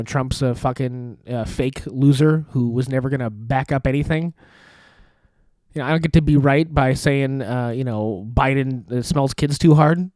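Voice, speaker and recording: A young podcast host rants casually from his studio apartment's foldable table, sarcastic and profane, laughing a lot and trailing off. His voice is mid-range with a darkish tone, and there's no echo.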